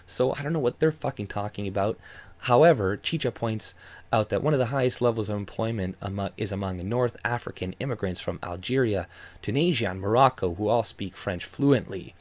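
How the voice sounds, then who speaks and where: A man's voice: lowish voice, fairly quick, a little mellow. Angry profane man ranting. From Canada. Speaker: YouTube commentator. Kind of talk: ranting commentary over a news article.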